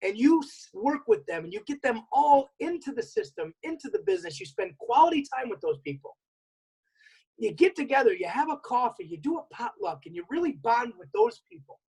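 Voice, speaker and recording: Male seminar presenter, husky tone, energetic, drives points home by repetition. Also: very high-pitched, brisk, rough recording. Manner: energetic, repeats key points, acts out remembered dialogue. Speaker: network marketing workshop presenter. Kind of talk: seminar talk.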